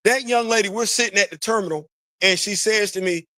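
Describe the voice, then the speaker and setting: High-pitched guy ranting on his show, aave, repeats himself a lot, dry close mic. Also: brisk, no room sound. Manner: animated, preachy, repeats phrases, talks to chat. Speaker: podcast host. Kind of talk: casual commentary monologue.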